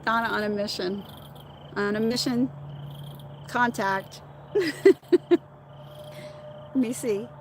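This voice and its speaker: A middle-aged woman hosts a casual livestream, chatting, laughing, and answering commenters by name as she reads the viewer chat. Her medium-pitched, steady voice is a little slow with frequent pauses, and background noise can be heard.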